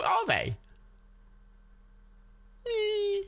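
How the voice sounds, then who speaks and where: Swearing, lively man from Ireland. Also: medium pitch, moderate pace, dry recording. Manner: rambling, swears a lot, laughs often. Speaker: livestream host. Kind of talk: casual chat during a movie watch party.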